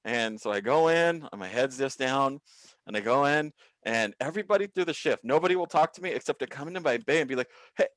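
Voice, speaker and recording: A man, a comedian, telling a workplace story over a video call, acting out the people in it with big pitch jumps and plenty of swearing. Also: brisk, no echo. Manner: animated, profane, acts out quoted people with big pitch jumps. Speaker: comedian guest. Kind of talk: comic storytelling.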